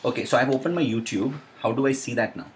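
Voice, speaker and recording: A young man with an Indian accent hosting a casual live Q&A, chatty and excitable, with lots of uh and um. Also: mid-range voice, quick pace, slight background noise. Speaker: live stream host.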